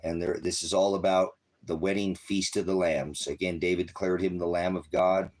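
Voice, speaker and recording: A man's voice: deep voice, level tone, normal speed, darkish tone. A man preaching and chatting casually on a phone live stream at home, rambling and talking fondly to his dogs.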